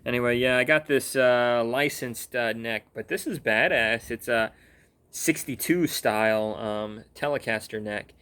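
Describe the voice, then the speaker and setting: A man's voice: mid-range voice, measured pace, sharp tone, smooth. Young man, sleepy, rambling, swears a lot, filler-heavy casual rant. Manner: rambling, profane, lots of fillers and restarts. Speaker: gaming vlogger.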